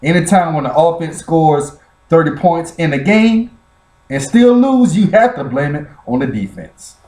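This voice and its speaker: A man's voice: fairly high pitch, animated, moderate pace, darkish tone, echoey room, distant mic. A man ranting and teasing about football in a mocking, theatrical way. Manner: teasing, theatrical fake sobbing and laughing. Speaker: vlogger reacting to a sports clip. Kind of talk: mocking sports rant.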